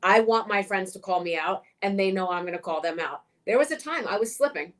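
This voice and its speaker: A middle-aged woman speaking as an interview guest, direct and frank, swearing and getting animated when she tells stories. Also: mid-range voice, fairly quick. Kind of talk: casual interview chat.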